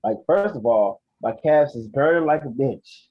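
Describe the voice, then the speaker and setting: A man co-hosting a podcast, telling an animated, profane story and acting out his own lines. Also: medium pitch, normal speed, a little hiss or hum. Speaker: podcast co-host. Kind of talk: casual storytelling chat. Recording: dry, dull lo-fi sound.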